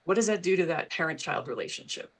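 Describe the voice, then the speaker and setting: A woman's voice: fairly low pitch, fast talker. Middle-aged lady guest explaining stuff earnestly, little laughs here and there. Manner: earnest, laughs between points, lively emphasis. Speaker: guest, HR professional and parent. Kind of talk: explanatory interview talk.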